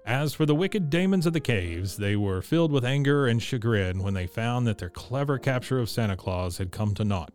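A man narrating a classic storybook in a steady, measured reading. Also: medium pitch, faint music behind. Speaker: audiobook narrator.

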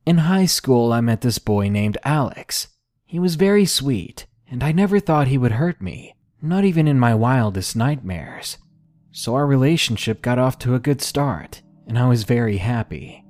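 A man reading a submitted first-person horror story aloud in a measured, steady narration. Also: medium pitch.

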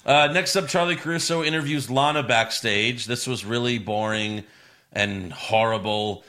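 A man talks through a recap in a loose, joking way, with a bright, forward tone. He speaks at a middle pitch. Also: moderate pace. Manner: loose, laughing, jokey recapping with put-on voices. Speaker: podcast co-host recapping wrestling. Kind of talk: casual chat.

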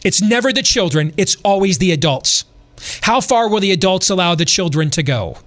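A man's voice: sits high, animated, normal speed, a bit bright. A middle-aged man hosting a podcast, delivering a preachy, impassioned political commentary full of rhetorical questions. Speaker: podcast host.

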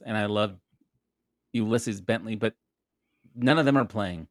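A man's voice: lowish voice, a little slow, pauses often, no room sound, studio quality. A man co-hosting a podcast, chatting casually about sports picks with frequent laughs and hesitant fillers. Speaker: podcast co-host. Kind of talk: casual sports betting chat.

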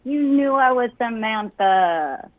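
A woman's voice: a little high, expressive, slow pace, narrow, tinny audio, slight background noise. A young woman calling into a comedy show, brash and profane, laughing often. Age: young adult. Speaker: caller. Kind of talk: crude comedic call-in banter.

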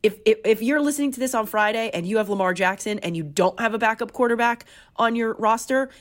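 Emphatic woman talking fantasy football. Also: on the high side. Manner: emphatic, animated, quick opinions. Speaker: fantasy football podcast co-host. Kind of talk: casual sports chat.

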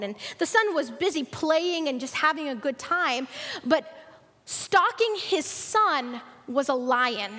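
Woman, preacher, sermon, earnest storytelling, high voice, long hall reverb. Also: bright, forceful tone.

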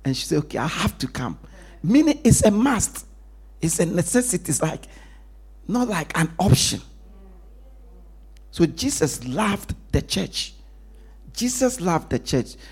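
Male pastor, husky, very animated pitch, call-and-response sermon. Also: a little slow, long pauses. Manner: call-and-response preaching, lively pitch, drops to a hush for emphasis.

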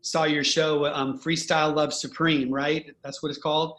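A man's voice: on the high side, little pitch movement, moderate pace, a bit bright. A man hosting a casual podcast conversation, speaking in an earnest, heartfelt way with run-on thoughts. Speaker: host, musician.

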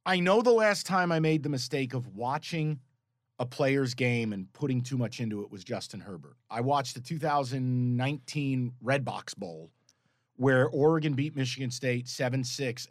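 A man's voice: mid-range voice, no room sound, clean studio sound. A man co-hosting a sports betting podcast, telling stories in a profane, exasperated way. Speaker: podcast co-host. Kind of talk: casual sports betting chat.

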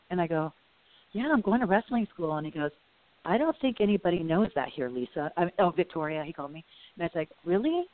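Chatty woman telling stories over a tinny line. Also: low-pitched. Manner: chatty, rambling, full of "you know" and quoted dialogue. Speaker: guest. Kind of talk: casual interview storytelling. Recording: phone-like audio.

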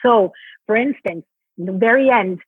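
With a breathy edge and a moderate pace, a Broadway actress originally from Mexico talks animatedly in an interview. The line sounds tinny and phone-like with no room sound, and she acts out quotes through pitch jumps.

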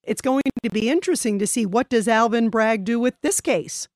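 A woman's voice: a little high, fairly quick, no room sound. A woman hosting a talk show, speaking in an indignant, conversational way. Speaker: host.

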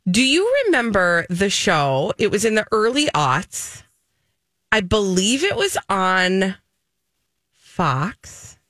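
A woman co-hosting a morning radio show, talking in a chatty, rambling, animated way. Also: mid-range voice, slow, no echo. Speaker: radio co-host. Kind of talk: casual morning radio banter.

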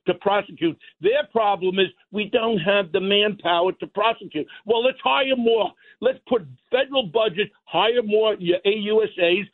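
A middle-aged man, a guest, ranting bluntly and combatively about crime. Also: high voice. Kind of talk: heated political talk. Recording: tinny phone line.

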